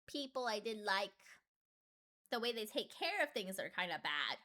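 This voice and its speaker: A young adult woman chatting casually with her stream, full of fillers and sudden jumps up in pitch when she gets excited. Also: normal speed.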